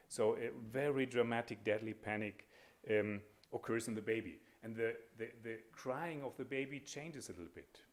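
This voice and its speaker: A man giving an academic lecture as a panel speaker, measured and hesitant, with frequent pauses and fillers. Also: mid-range voice.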